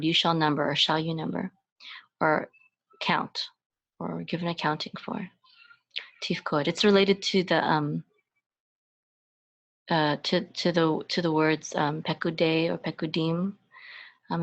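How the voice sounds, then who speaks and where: A woman teaching a Hebrew lesson, patiently explaining each letter and sound step by step. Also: on the low side. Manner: patient, explaining letter by letter, chanting phrases in a sung voice. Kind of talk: slow step-by-step language lesson.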